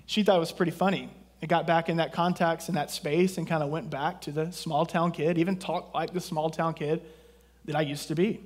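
A man's voice: fairly high pitch, fairly even intonation, a little fast. A man from southeast Texas preaching a sermon as pastor, in a conversational way with jokes and asides.

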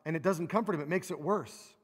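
A man's voice: quick pace, husky. Preacher man in a reverberant hall. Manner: expressive, acts out quoted laments with rising pitch. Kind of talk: sermon. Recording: long reverb of a large hall.

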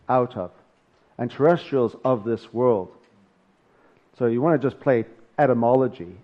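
A man's voice: mid-range voice, lo-fi sound. A male pastor preaching a sermon, talking casually and joking between his scripture readings.

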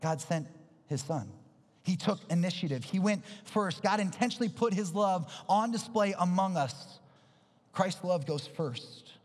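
A man preaches in a large hall, and his high, slightly husky voice rings out with a long reverb tail. He is earnest and emphatic, hammering home repeated phrases and then sinking into low, intense tones. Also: lively intonation, measured pace. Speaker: pastor. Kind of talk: sermon.

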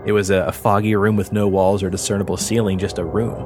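A man's voice: lowish voice, little pitch movement, fast, loud music behind the voice. A man co-hosting a paranormal podcast, reading a listener's story aloud and then joking and swearing casually with his co-host. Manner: casual, swearing, laughs often.

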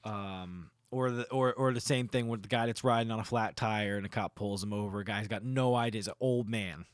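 A man co-hosting a podcast in casual chat, telling anecdotes in an animated way and acting out the quotes. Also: lowish voice, a little fast, dry recording, clean studio sound. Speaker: podcast co-host.

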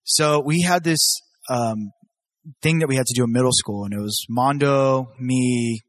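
In a casual chat, a young man from Southern California tells stories in a medium-pitched, slightly slow voice. He swears freely and jumps his voice up to act out what people said.

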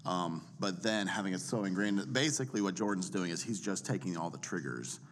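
Casual male speaking coach, lowish voice, animated, swings his pitch to demonstrate. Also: brisk. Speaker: preaching coach. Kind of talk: casual teaching chat.

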